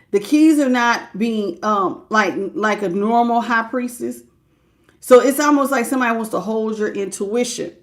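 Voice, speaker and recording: A woman hosting a live tarot reading, thinking aloud as she works through the cards and stops to greet viewers by name in a warm, familiar way. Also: on the high side. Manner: conversational, thinking aloud, interrupts herself to welcome viewers by name.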